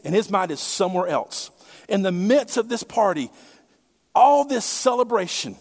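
A man in middle age gives a sermon with a lively, swooping delivery, his voice sitting high for a man. He talks to the congregation in a conversational way, tossing out rhetorical questions. A long reverb trails after his words in the church. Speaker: pastor.

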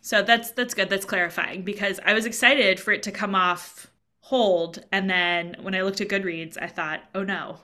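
A woman's voice: mid-range voice, steady tone, normal speed, bright, forceful tone. A woman co-hosting a podcast in casual chat, talking freely and quoting her own thoughts aloud. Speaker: podcast co-host.

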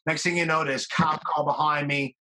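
A man in casual podcast chat, telling a lively story and swearing casually. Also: on the high side, normal speed, a little hiss or hum, low-quality recording.

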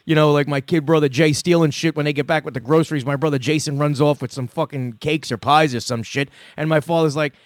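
Man, 50s, podcast host, profane gruff banter, fairly high voice, dry close sound. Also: no room sound. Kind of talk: casual call-in chat.

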